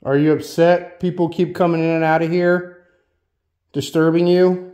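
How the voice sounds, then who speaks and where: A man with a slightly high voice hosts a solo ghost-hunting vlog. He talks casually and keeps putting questions to the spirits. The sound rings around an old schoolhouse room. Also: level tone, normal speed, warm tone. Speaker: solo ghost hunter host. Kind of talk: paranormal investigation vlog. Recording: echoey room.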